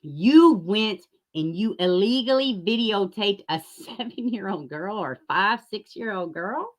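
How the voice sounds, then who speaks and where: A woman hosting a profane, sarcastic commentary rant, jumping from loud outbursts to mocking near-whispers. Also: medium pitch, animated, measured pace. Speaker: YouTube commentary host. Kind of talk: ranting commentary.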